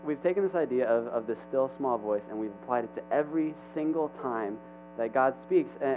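A young man giving a casual, chatty sermon to a room, talking in halting bursts with restarts and asides. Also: mid-range voice. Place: church hall with an audience. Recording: tinny phone-like recording with hum.

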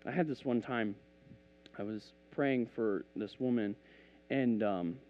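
A man's voice: medium pitch, highs cut off. A man preaching a casual, conversational sermon, telling stories and acting out bits of dialogue. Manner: animated, conversational, acts out dialogue.

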